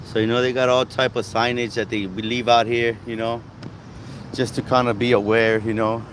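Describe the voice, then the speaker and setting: A male street vlogger livestreams while walking through a city park beside traffic, talking casually and rambling with lots of filler like "you guys" and "you know." His medium-pitched voice is level at normal speed, with background noise.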